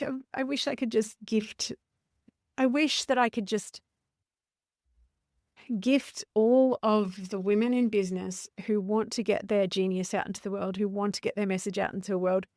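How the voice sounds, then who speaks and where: A woman's voice: medium pitch, a little mellow, no room sound, clean studio sound. A woman hosting a podcast as a business coach, talking in an earnest, conversational way and correcting herself as she goes. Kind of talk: podcast monologue.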